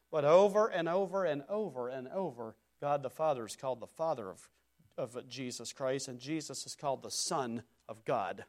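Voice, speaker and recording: A man preaching a sermon in an emphatic, repetitive cadence, swinging between loud declarations and quieter passages. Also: a little high.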